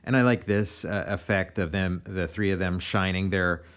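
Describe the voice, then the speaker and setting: An American comic artist giving a relaxed, meandering commentary on his own pages, often restarting his sentences. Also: low voice, normal speed. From United States.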